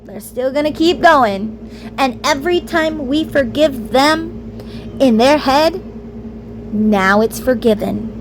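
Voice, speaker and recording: A woman vlogger with a high voice speaks in a candid, rambling monologue. She is emphatic and slips into the voices she quotes. Steady background noise sits under her voice. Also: slow.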